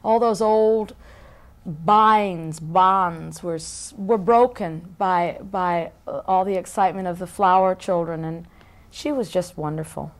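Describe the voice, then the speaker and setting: A woman in her thirties speaks in a fairly low voice, answering interview questions in a relaxed, chatty way. She muses aloud, trails off and restarts her thoughts mid-sentence. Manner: musing, self-interrupting, with quick restarts. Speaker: interview guest. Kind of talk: casual interview talk.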